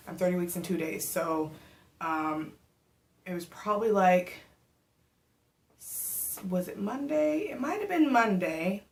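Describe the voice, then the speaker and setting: A young adult woman vlogging casually, telling a story to the camera in a chatty, animated way with lots of fillers. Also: fairly low pitch. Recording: echoey room.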